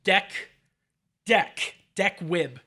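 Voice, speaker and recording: A man voicing a self-styled male Russian hacker expert in a deliberately poor put-on Russian accent, pompous and stilted. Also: high-pitched, sharp tone, full character voice. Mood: mock-formal. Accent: put-on Russian accent, badly done.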